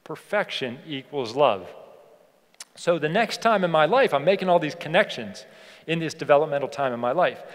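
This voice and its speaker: A man giving a motivational keynote speech on a conference stage, emphatic and repeating phrases for effect. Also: a little high. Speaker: keynote speaker. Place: large conference hall. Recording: long hall reverb from a PA.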